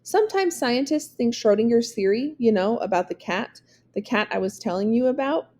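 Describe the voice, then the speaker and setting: A rambling young science-buff boy from a storybook, read by a woman. He talks in a soft, mellow voice and drifts off in the middle of a thought. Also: a little high, lively intonation, moderate pace. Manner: rambling, trailing off.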